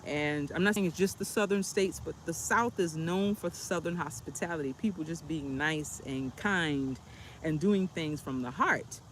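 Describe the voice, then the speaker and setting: A woman's voice: sits low, normal speed, a little hiss or hum. Chatty woman telling a story outdoors. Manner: chatty, rambling, lots of fillers. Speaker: travel vlogger. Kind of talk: casual storytime livestream. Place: outdoors on a bench.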